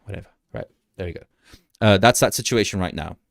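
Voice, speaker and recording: A man's voice: deep voice, brisk, gravelly, no room sound, studio quality. A young man hosting a casual crypto livestream, rambling through charts, greeting viewers in the chat and laughing often.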